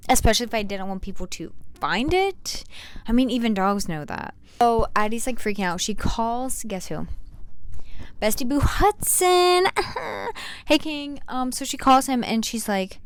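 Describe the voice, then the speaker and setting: A woman's voice: mid-range voice, clear, resonant tone. A young woman recapping a book in a slangy, rambling way with sarcastic asides. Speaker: book reviewer. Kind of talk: casual book review vlog.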